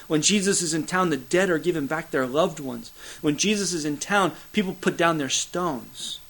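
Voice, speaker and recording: A pastor preaches a sermon at a moderate pace, building to loud, emphatic peaks before dropping into hushed, low lines. His delivery has a repetitive preaching cadence with occasional fillers, and the recording is rough.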